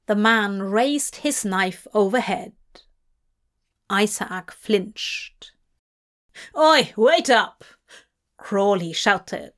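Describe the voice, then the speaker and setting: A woman narrating a story in a measured, even storytelling manner. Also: medium pitch.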